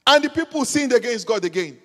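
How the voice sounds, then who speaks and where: A man's voice: very high voice, animated, a little fast. A man preaching a sermon, emphatic and repetitive, building to fervent peaks. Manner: emphatic, repeats phrases, rises to fervent peaks. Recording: long reverb of a large hall.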